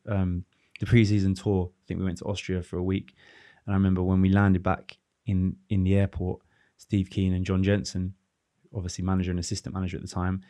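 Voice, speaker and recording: Deep flat-sounding guy, ex footballer rambling thoughtfully on a podcast. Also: no room sound. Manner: reflective, rambling with restarts and fillers. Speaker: former professional footballer, guest. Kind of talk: casual podcast conversation.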